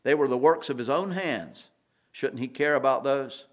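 A man's voice: mid-range voice, normal speed. Earnest male preacher with rising emphasis. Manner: earnest, rising emphasis on key points, occasional restarts. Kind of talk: expository sermon.

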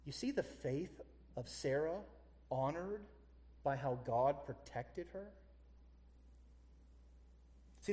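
A man preaching a sermon, animated, firing rhetorical questions at his congregation. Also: on the high side. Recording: echoey hall.

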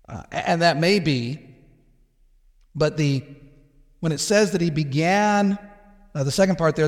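A pastor explaining a passage in a measured sermon, with restarts and small asides. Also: male voice, fairly high pitch. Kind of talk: expository sermon. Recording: long hall reverb.

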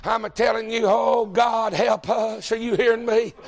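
A pastor, preaching a folksy, joking sermon that builds to shouting. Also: male voice, very high-pitched, little pitch movement, moderate pace, gravelly, a crowd in the background.

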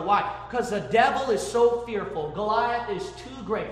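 A man preaching a sermon with fervent, emphatic delivery that swings from low talk to shouting. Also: animated, a little slow, hardly any pauses. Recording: echoey hall with long reverb.

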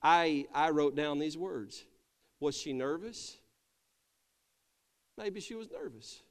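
High-voiced pastor preaching in a reverberant church. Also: male voice, animated, takes it slowly. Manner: calls for amens, acts out voices. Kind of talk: sermon. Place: church sanctuary.

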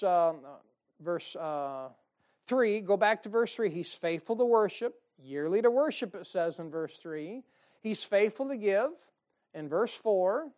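Pastor guy preaching in church, cracks jokes, keeps going "amen?", gets loud then drops quiet. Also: high voice. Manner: joking, calls out "Amen?" to the congregation. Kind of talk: sermon. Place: church service.

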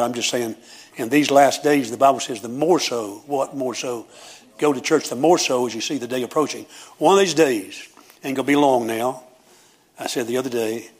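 A pastor delivers a sermon in a Southern preaching cadence, his fairly quick, slightly rough voice building now and then into loud, shouted praise.

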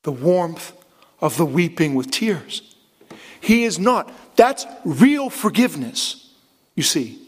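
A man preaching a sermon in an earnest, impassioned way, with dramatic pauses. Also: a little high, sing-song, breathy edge. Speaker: pastor.

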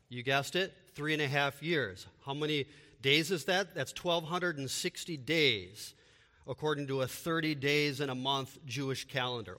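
A man's voice: medium pitch, pushed and bright, in a large hall. A man preaching a sermon with emphatic delivery and repeated rhetorical questions. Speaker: pastor.

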